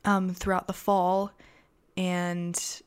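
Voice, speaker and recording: A woman's voice: on the low side, level tone, extremely slow, clear, resonant tone. A teenage girl from America hosting a casual solo podcast, chatty and rambling with lots of fillers. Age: teens. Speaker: podcast host.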